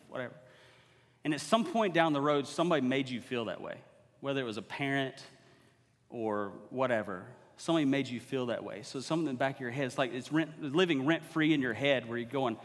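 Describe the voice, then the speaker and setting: Speaking a little fast with lively intonation in a mid-range voice, a guest preacher gives a sermon in a church sanctuary. He starts conversationally and builds toward emphatic exhortation, with long hall reverb on the recording.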